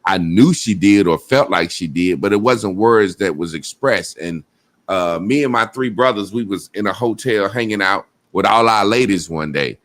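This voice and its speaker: A man's voice: lowish voice, moderate pace, a bit bright. A man hosting a podcast, talking candidly and rambling, often checking in with "you know what I'm saying?". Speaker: podcast host. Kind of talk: casual chat.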